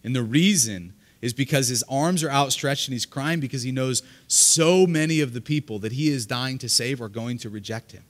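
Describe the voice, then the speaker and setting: A man's voice: mid-range voice, normal speed, hardly any pauses. Earnest male pastor preaching a sermon. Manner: earnest, repeats words when starting sentences. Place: church service, live congregation.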